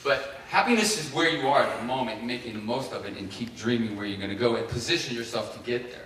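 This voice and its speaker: A man's voice: medium pitch, fast talker. A middle-aged man from Ohio tells his story in a keynote, acting out the voices of the people he quotes. He sounds far from the mic in a strongly echoing hall, with faint room noise behind him. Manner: animated, acts out quoted voices. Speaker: keynote speaker. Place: large conference hall. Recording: echoey hall, heard from far off.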